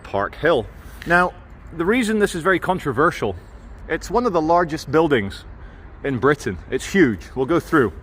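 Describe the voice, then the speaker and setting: A man's voice: on the high side, sing-song, normal speed, few pauses, fairly bright tone, a little hiss or hum. A man filming a walking vlog outdoors in a city, giving jokey, chatty tour-guide commentary. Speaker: vlogger.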